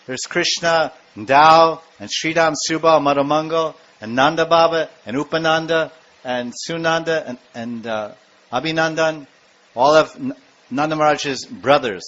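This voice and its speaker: A man giving a devotional lecture, telling stories in an animated way and acting out the scenes. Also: fairly high pitch, moderate pace. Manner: animated storytelling, acts out scenes. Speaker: spiritual lecturer. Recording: dull lo-fi lecture recording.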